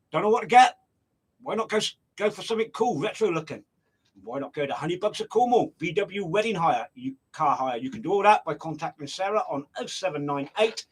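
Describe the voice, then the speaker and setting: Excitable loud male radio DJ. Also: on the high side, low-quality recording. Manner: loud, excitable, chatty shout-outs. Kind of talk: casual radio presenting. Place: local radio studio.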